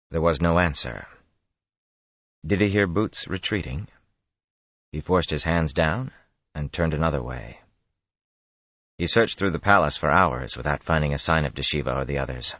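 A man reading a fantasy audiobook in a measured, grave manner. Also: rumbling low, fairly bright tone, dry recording, lo-fi sound. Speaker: audiobook narrator. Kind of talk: scripted fantasy narration.

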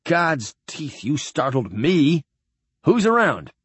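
A man's voice: a little high, big pitch swings, takes it slowly, fairly bright tone, slightly rough, no room sound, full character voice. A man voicing a blunt, guarded naval officer who speaks stiffly.

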